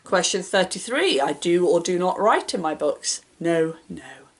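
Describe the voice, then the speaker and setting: Woman book vlogger, casual and self-deprecating, bright question reads, offhand answers. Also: fairly low pitch, very animated, unhurried, vocal fry, husky.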